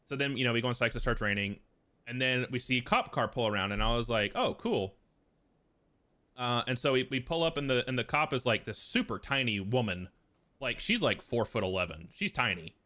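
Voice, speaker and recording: Bright-voiced man telling a rambling story. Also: mid-range voice, animated, fast. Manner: profane, rambling, full of fillers. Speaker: streamer. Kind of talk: casual storytelling.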